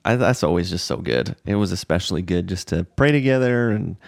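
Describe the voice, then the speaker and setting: Low gravelly man, casual rambling podcast co-host, dry close mic. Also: animated, fairly quick, no echo. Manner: laid-back, rambling, frequent "uh" and "like". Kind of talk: casual chat.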